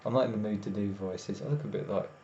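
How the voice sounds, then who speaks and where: This tired streamer talks fast in a warm, fairly low voice, rambling casually to his viewers. Faint noise, room echo, and a dull lo-fi quality color the recording.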